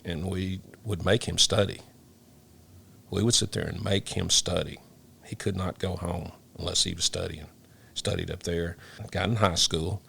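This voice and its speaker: Sitting for an interview, an older retired fire lieutenant from Memphis, Tennessee looks back on his years as a firefighter. His voice is very low and gravelly yet fairly bright in tone, and emotion makes him stop, repeat, and restart words in halting bursts, with slight background noise behind him.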